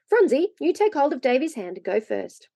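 A woman's voice: high-pitched, big pitch swings, moderate pace, creaky, mellow, dry recording, lo-fi sound, full character voice. A woman reading aloud, voicing a decided, motherly young girl in a storybook. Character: bossy, kind-hearted young girl, eldest sister.

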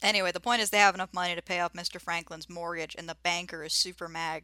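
A woman's voice: on the low side, level tone, fast, pushed and bright, dry recording. A young adult woman co-hosting a podcast, chatting about a cartoon with a playful, jokey manner. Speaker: podcast co-host. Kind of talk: casual recap chat.

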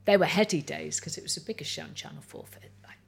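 A woman, a guest chatting over lunch and telling stories in a relaxed, chatty way. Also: sits low, fast, vocal fry, slightly rough. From North Wales. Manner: chatty storyteller, lots of "like" and "you know". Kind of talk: casual chat over lunch.

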